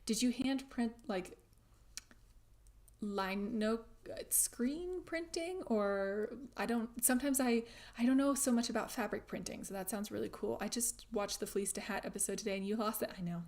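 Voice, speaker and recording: A young woman hosting a crafting livestream, chatting casually while reading viewer comments, laughing often and trailing into soft asides. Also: a little high, moderate pace. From grew up speaking German at home in the US. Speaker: crafting channel host.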